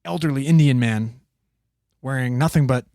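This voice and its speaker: A man telling a long, profane story in casual podcast chat, animated and acting out the quotes. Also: mid-range voice, normal speed, dry recording, studio quality.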